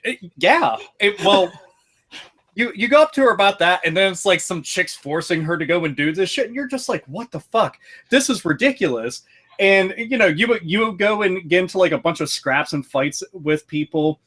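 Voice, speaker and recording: A man with a notably high speaking voice, chatting casually on a podcast. He tells his stories with excitable energy and swears constantly. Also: moderate pace. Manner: profane, excitable storytelling with frequent swearing. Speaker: podcast host reviewing a video game.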